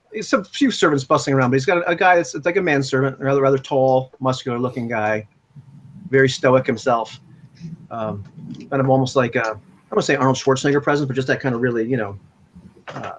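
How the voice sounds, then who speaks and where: A man's voice: mid-range voice, fairly bright tone, slight background noise. Rambling, chuckling game master, a man. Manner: rambling, chuckling, lots of fillers. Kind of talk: narrating a tabletop role-playing game. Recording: dull lo-fi recording.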